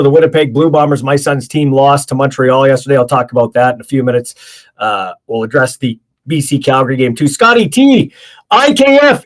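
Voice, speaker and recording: Tired middle-aged guy doing sports talk, kinda high voice, rambles with lots of ums. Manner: opinionated, rambling with many fillers and restarts. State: tired, yawning. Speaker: sports talk show host. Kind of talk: casual solo sports talk.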